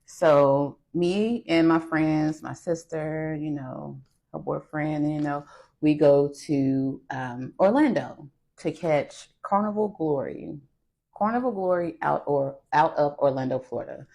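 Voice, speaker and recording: A woman telling a travel story in a relaxed, meandering way, padding her pauses with "you know" and "right?". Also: sits low, creaky. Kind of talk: casual storytime.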